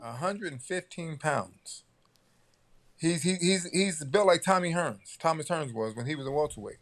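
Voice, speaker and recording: A man's voice: on the high side, lively intonation, normal speed. An older man, a boxing coach, talking casually on a talk show, rambling and repeating words as he goes.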